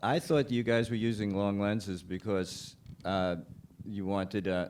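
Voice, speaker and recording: A man moderating a festival panel, asking questions in halting, restarting phrases. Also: lowish voice, steady tone, darkish tone, smooth. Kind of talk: panel interview.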